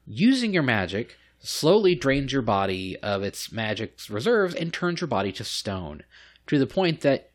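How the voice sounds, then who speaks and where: A man's voice: mid-range voice, a little slow. A man co-hosting a casual podcast, telling a long story with lots of swearing and mimicked voices. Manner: profane, animated retelling with mimicked voices. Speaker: podcast co-host.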